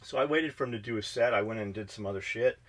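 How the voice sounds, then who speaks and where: This man co-hosts a podcast and speaks fast in a lowish voice. He tells stories bluntly, with plenty of profanity and fired-up energy, in casual chat.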